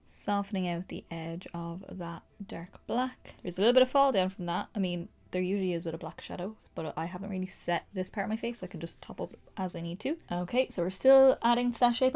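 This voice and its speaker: A young woman with a Dublin accent, chatting excitedly through a casual makeup tutorial with lots of fillers. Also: on the low side, fairly quick, few pauses. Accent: Dublin Irish. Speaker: makeup creator.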